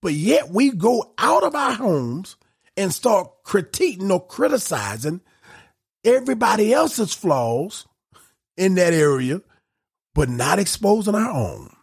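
A man's voice: high voice, very animated, takes it slowly, vocal fry, slightly rough. A man hosting a podcast, preaching in a conversational, folksy way with emphatic repetition and casual asides.

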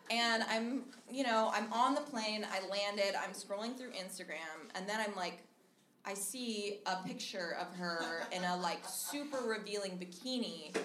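A young woman from Minnesota telling a funny story live on stage, chatty and laughing as she goes. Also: medium pitch. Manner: chatty, animated, laughs through her story. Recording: echoey live room with loud background noise.

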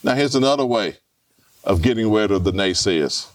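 A man's voice: fairly low pitch, expressive, normal speed, dry recording, far from the mic. A man, preaching a live sermon as pastor in a church, who repeats his points and puts rhetorical questions to the congregation.

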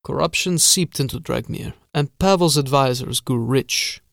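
A man voicing a sinister, formal castle steward who speaks softly and drags out his vowels. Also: medium pitch, vocal fry, dry recording, clean studio sound. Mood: sinister calm. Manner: soft, measured, drawn-out vowels.

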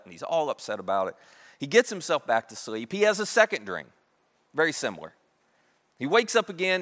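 A man preaching a sermon, retelling a Bible story in a lively, conversational way and acting out the characters' lines. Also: on the high side, long reverb tail.

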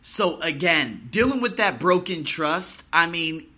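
Casting: male podcast host, very bright, sharp-edged tone, heated profane rant, slightly higher pitch. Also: lively intonation, unhurried. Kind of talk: solo podcast monologue.

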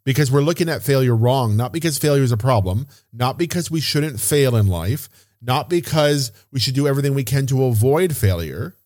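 A business coach hosts a solo motivational podcast in a medium-pitched, expressive, fairly quick and slightly mellow voice. He talks casually, swears now and then, and repeats phrases to drive points home. The studio-quality audio has no echo.

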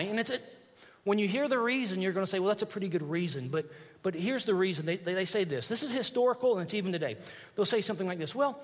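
A pastor with a notably high voice preaches to his congregation, reading verses and breaking in with emphatic asides. His voice carries a long reverb from a large church sanctuary. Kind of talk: sermon.

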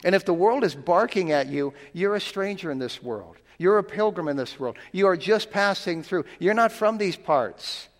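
A man preaches in an easygoing, folksy manner, often repeating his words and slowing down for scripture. His voice sits a little high for a man. It rings with the long echo of a big church. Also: animated. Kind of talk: sermon.

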